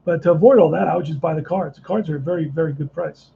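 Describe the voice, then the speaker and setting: A man's voice: on the high side, fast, vocal fry, phone-quality sound, slight background noise. A man casually narrating a tabletop baseball replay, thinking aloud and rambling with frequent restarts. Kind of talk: casual play-by-play and chat.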